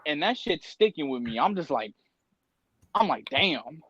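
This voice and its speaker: A man's voice: fairly high pitch, very animated, moderate pace, muffled recording, slight background noise. Young man telling a heartfelt story. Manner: emotional, candid storytelling with slang. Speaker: podcast co-host. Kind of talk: casual podcast chat.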